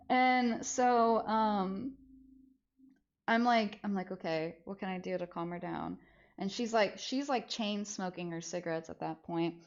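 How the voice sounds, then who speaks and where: A young woman streamer casually telling a story, animated and swearing freely, acting out the voices of people she quotes. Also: medium pitch, unhurried. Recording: slightly dull lo-fi audio.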